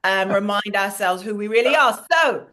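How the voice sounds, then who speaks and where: A woman's voice: mid-range voice, sharp tone. A woman from Queens with a New York accent, giving a playful comedic monologue over a video call. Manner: playful, quick banter with asides.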